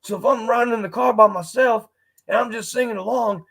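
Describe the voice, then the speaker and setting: A man's voice: very high-pitched, steady tone, a little fast, vocal fry, fairly bright tone, breathy edge, full character voice. A man voicing a nervous, rambling caller with a rural American country accent who stammers and repeats himself. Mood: sheepish.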